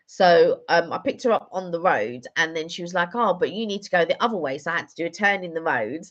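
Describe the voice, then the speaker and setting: A woman's voice: fairly low pitch, expressive, fairly quick, muffled recording. A woman chatting casually on a live stream, telling rambling stories with lots of fillers. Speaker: vlogger doing a live stream. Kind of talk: casual chat.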